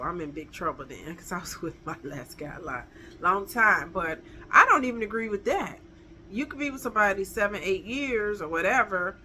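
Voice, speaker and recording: A woman's voice: mid-range voice, sharp tone, a little hiss or hum. A middle-aged woman, giving emphatic, chatty dating advice straight to her viewers. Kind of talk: casual advice vlog.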